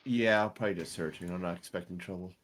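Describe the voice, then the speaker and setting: A man's voice: low-pitched, fast talker, fairly bright tone, a little hiss or hum. A man playing in a tabletop game, chatting casually in a playful, offhand way. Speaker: player.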